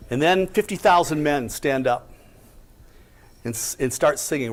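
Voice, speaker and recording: A man's voice: fairly high pitch, animated, a little slow, a little hiss or hum. A man giving an inspirational talk, telling his own story with emphatic rhetorical questions. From United States. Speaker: company president giving a talk. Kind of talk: inspirational speech.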